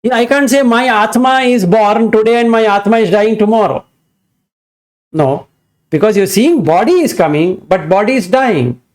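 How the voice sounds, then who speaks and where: A man's voice: high voice, animated, normal speed. A man teaching in an emphatic dharma talk, firing off rhetorical questions to his listeners.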